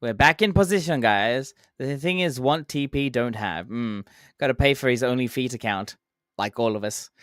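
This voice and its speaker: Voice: mid-range voice, moderate pace, no echo, clean studio sound. A game streamer chatting casually while playing, answering chat, counting down jumps and making playful sound effects.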